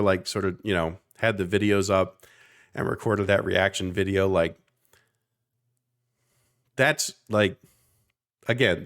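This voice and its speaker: A man in his thirties from South Jersey, co-hosting a podcast in a passionate, rambling casual chat with the odd swear for emphasis. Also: fairly low pitch. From South Jersey, near Philadelphia. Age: 30s. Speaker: podcast co-host.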